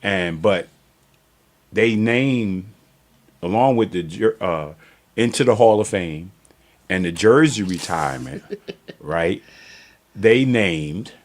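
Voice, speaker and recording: Speaking slowly with long pauses, a man with an animated, low-pitched voice hosts a podcast. The casual conversational interview has him telling stories loosely and laughing a lot.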